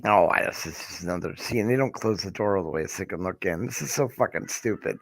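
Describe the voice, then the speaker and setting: A man's voice: low voice, fast talker, breathy edge, no room sound. A man chatting casually, blunt and swearing often. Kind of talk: casual chat.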